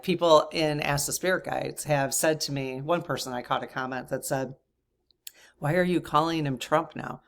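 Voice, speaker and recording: A woman hosting her own channel, chatting casually to viewers in a rambling way, with frequent restarts and laughter. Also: sits low. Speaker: channel host. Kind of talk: casual chat to camera.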